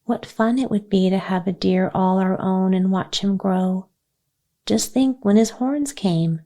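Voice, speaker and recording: A heartbroken little girl from a bedtime storybook pleads to keep a baby fawn, as a woman reader gives her voice. The tone is soft and mellow, and the lines come slowly. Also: medium pitch, close to an everyday voice.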